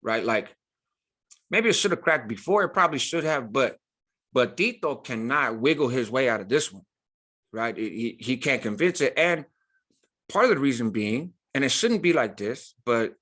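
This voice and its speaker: A man's voice: medium pitch, animated, moderate pace, pushed and bright. A man telling a prison story in an emphatic, casual way, using street slang and frequent "right?" asides.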